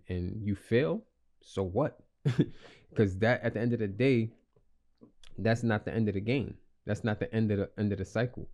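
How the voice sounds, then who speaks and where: Low, mellow-voiced man rambling motivationally. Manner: rambling, repeats himself, slangy and earnest. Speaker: podcast host. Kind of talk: casual motivational monologue.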